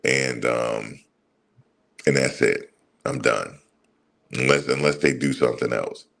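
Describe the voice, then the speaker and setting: A man's voice: a bass voice, slow pace, vocal fry, fairly bright tone. A man hosting a sports channel, ranting heatedly and profanely in a casual monologue, repeating himself as he goes. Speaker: sports commentary channel host.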